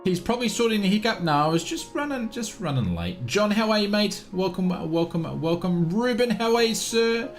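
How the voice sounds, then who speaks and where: A man's voice: high voice, sing-song, normal speed, hardly any pauses, faint music behind. A man with an Australian accent hosting a live flight sim stream, chatting upbeat and greeting viewers one by one.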